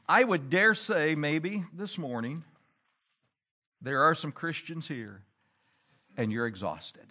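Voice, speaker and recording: A man preaching a sermon in a church, with animated delivery that rises to loud, emphatic peaks. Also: on the high side. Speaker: pastor.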